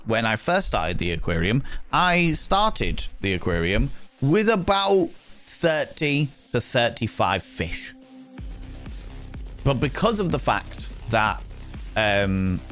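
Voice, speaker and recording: A man chats with his viewers on a live stream in a loose, teasing way, and his pitch swings up and down with plenty of life. Faint music plays softly behind him. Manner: playful, teasing, greets viewers by name. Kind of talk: casual live-stream chat.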